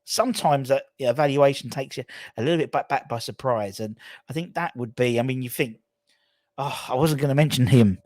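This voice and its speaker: A man's voice: mid-range voice, fairly quick, darkish tone, dry recording. Chatty man, dry sound. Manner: chatty, rambling, jokey asides. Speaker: fan channel host. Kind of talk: casual solo transfer-news chat.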